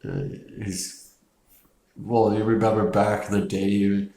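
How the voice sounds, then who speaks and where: A man talks through a film review in an unhurried, rambling way, full of swearing and little chuckles. His voice is low and gravelly, with a flat, unvaried delivery. The room around him sounds echoey. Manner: rambling, profane, chuckling often, many fillers.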